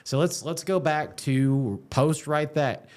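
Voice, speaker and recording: A man from Alabama with a Southern accent, co-hosting a podcast in relaxed chat, easygoing and jokey, often repeating his words. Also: a little high, slow. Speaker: podcast co-host. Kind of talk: casual chat.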